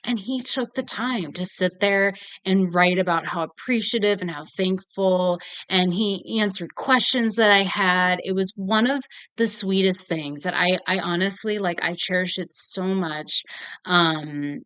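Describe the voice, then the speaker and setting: A woman's voice: lowish voice, measured pace, fairly bright tone, no room sound. A young woman talking casually about films she loves, gushing, swearing and laughing often. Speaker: film reviewer. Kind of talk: casual movie talk to camera.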